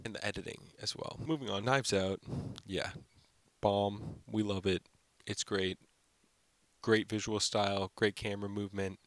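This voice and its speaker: With no room sound in the recording, a young man with a lowish voice reviews a film on his own channel. The talk is unscripted and meandering, leaning heavily on "like" and assorted fillers.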